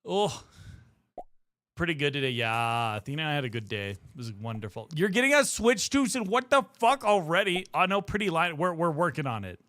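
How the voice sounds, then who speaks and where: A young man hosts a casual livestream, joking around with his chat and sounding a little breathless. His voice is on the high side and sing-song, pushed and bright at a moderate pace, with no echo.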